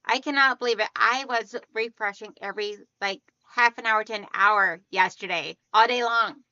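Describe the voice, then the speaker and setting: A woman hosting a casual quilting livestream, chatting warmly with viewers and greeting them by name as hon and sweetheart. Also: mid-range voice, normal speed, no echo, muffled recording.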